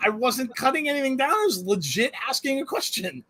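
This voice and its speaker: A man's voice: extremely high pitch, a little fast. A man hosting a live wrestling watch-along, chatting casually and rambling with frequent laughter. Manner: animated, rambling, laughs often. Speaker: host.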